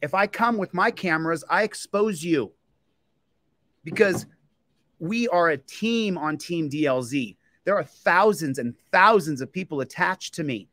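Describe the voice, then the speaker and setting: A man's voice: on the high side, expressive, measured pace, pushed and bright, no echo, clean studio sound. Fired-up man ranting on a livestream. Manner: fired up, repetitive, confrontational. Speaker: livestream host and police auditor. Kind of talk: angry livestream rant.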